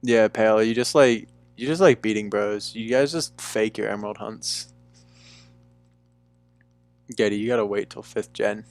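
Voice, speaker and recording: A man's voice: on the low side, moderate pace, pauses often, no room sound, faint music behind. A young man chatting casually with viewers on a live stream from a room at home, laid-back and talkative, calling people "dude". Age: young adult. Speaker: livestreamer.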